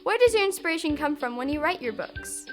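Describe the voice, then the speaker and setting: A woman's voice: high voice, lively intonation, a little fast, over music. A woman interviewing an author and introducing readings. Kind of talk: scripted interview questions.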